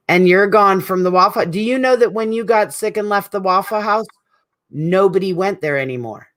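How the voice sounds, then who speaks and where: A heartfelt tribute comes from a middle-aged speaker at a support group meeting, spoken directly to an absent friend in an emotional, rambling way. The voice is mid-range and fairly bright, at a moderate pace.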